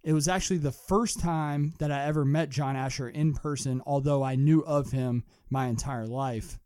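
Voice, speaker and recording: A young man from Kentucky hosting a sports podcast, giving an earnest, lively sports talk monologue. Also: medium pitch, normal speed, smooth, no echo, clean studio sound. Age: young adult. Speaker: podcast host.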